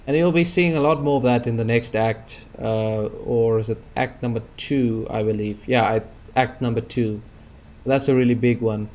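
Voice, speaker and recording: A man's voice: medium pitch, normal speed, a little mellow. Rambling young-sounding gaming commentator man. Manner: rambling, full of fillers and restarts. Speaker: gaming YouTuber. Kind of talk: let's-play commentary.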